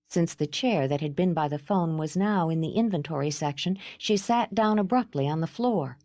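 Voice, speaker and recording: A woman narrating a romance audiobook in an even, composed way. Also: sits low, normal speed, few pauses, no room sound, clean studio sound.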